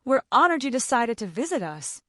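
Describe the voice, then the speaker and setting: A polite, bowing butler with formal, respectful speech, voiced by a woman narrator. The voice sits slightly high and moves lively, in a dry, close recording. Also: brisk, no echo. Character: polite deferential male butler.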